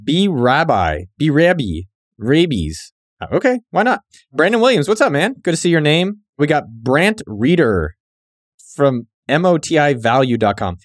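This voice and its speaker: A man's voice: fairly high pitch, very animated, no room sound. Young guy podcast host riffing on listener names, bouncy up and down voice, dry close sound. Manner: joking, riffing, quick asides. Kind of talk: reading listener shout-outs.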